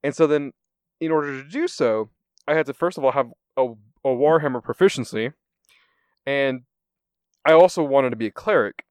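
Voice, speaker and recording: A man casually telling a tabletop game story in an animated way, acting out the quotes and laughing often. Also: mid-range voice, normal speed, long pauses, clean tone, no echo.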